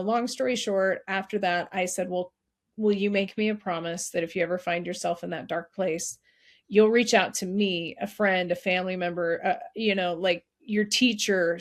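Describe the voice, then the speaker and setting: A woman's voice: mid-range voice, steady tone. Earnest middle-aged woman telling a story. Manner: earnest, heartfelt, quick restarts. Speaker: podcast guest, nonprofit founder. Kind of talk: emotional personal storytelling.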